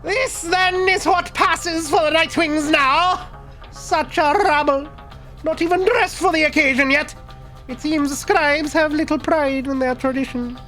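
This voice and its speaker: A man voicing a haughty, disdainful female harpy warrior in a video game, with a lofty, sneering, drawn-out delivery. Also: very high voice, fairly even intonation, bright, forceful tone, soft background music, voice pushed up, full character voice. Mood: contemptuous.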